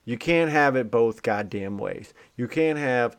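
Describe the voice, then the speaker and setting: A man's voice: mid-range voice, lively intonation, a little slow. A man co-hosting a casual podcast, sardonic and crude, ranting with frequent swearing. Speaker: podcast co-host. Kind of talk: casual profane chat.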